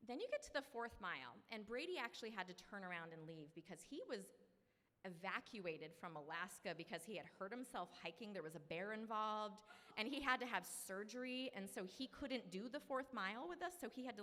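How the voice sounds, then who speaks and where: A woman's voice: medium pitch, expressive, brisk, pushed and bright, big-room sound. A woman in her thirties from Maine, telling a personal story to a live audience in a chatty, self-deprecating way. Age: 30s. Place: live event venue.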